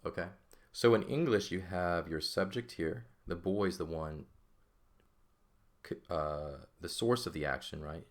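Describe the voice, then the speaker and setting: A man's voice: low-pitched, a little slow. A man teaching a recorded language lesson, explaining step by step and often checking with "right?" and "okay?".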